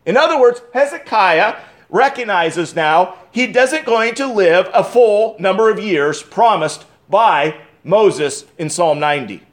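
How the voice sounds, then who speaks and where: A man delivering an expository sermon as pastor, preaching emphatically with dramatic pauses and restarts. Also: high-pitched, animated.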